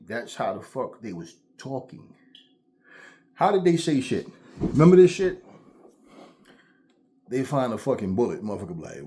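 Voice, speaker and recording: Man, vlog host, blunt profane rant, animated, mid pitch. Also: normal speed, long pauses. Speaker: channel host. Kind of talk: ranting commentary vlog.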